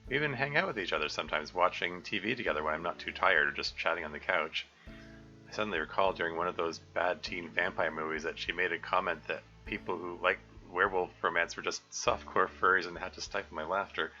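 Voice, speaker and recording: A man streaming a visual novel live, reading and rambling in a hesitant way with lots of throat-clearing. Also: sits low, quick pace, pushed and bright. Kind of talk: live let's play with commentary. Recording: slightly dull lo-fi audio. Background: faint guitar music.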